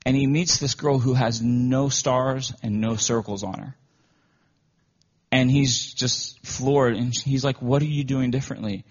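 A man's voice: mid-range voice, steady tone, slow. A man preaching a sermon in a conversational, storytelling way, often emotional. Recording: dull lo-fi recording.

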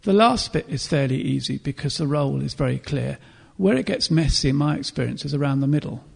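Gravelly, husky man preaching. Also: mid-range voice, a little fast, a little mellow. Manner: earnest, reflective, with throat-clearing and restarts. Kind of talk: sermon.

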